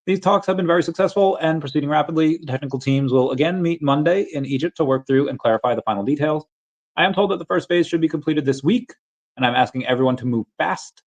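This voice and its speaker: A man's voice: fairly high pitch, quick pace. A man hosting a casual livestream, reading headlines aloud and greeting chat viewers, often restarting his words. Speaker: livestream host.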